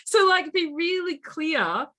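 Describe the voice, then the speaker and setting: A woman in her late thirties, a life coach telling stories in an interview and acting out quoted speech with lively energy. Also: very high voice, takes it slowly. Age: late 30s. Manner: animated storyteller, acts out quotes. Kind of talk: conversational interview.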